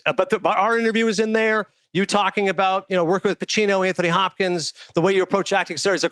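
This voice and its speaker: Fast-talking man telling a story. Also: high voice, clean tone, no echo. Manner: animated anecdote-telling, quoting others. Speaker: guest author. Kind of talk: casual storytelling.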